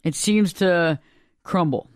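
A man with a notably high voice hosts a spiritual talk show, speaking earnestly and looping back over his points. The sound is close and dry, with no room around it. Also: slow pace, clean tone, no room sound. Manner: earnest, rambling, repeats himself.

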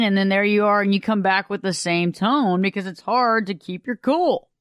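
Animated talk radio host. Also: medium pitch, clean tone, no room sound, studio quality. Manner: animated, conversational, folksy.

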